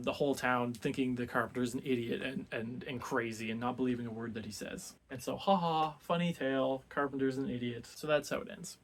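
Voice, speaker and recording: A young man casually retelling an old story for a book club, chatty and jumping into quick character voices. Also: mid-range voice.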